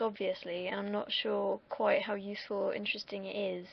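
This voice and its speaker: A woman's voice: mid-range voice, level tone, a little fast, creaky, hardly any pauses, breathy edge, dry recording, muffled recording. A young woman from the UK, vlogging in a casual, rambling monologue that wanders off on tangents, with the odd swear word. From United Kingdom.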